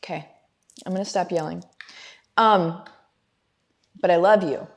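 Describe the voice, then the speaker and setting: A woman's voice: on the low side, unhurried. A middle-aged woman hosting a motivational livestream, talking fervently and directly to her viewers in a preachy way. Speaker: business coach and livestream host.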